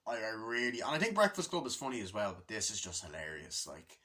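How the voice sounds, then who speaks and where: Bright-voiced man rambling about a film. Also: on the low side, huge pitch swings, quick pace. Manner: rambling, enthusiastic, swears often. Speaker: movie reviewer. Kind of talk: casual spoken movie review.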